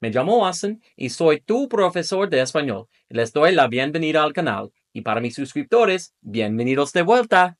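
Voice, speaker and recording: A young man with a somewhat high voice teaches Spanish pronunciation to fellow English speakers. He explains each rule clearly and patiently, then drills the sounds by repeating them several times. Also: very animated, fairly quick, hardly any pauses. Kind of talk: instructional video lesson.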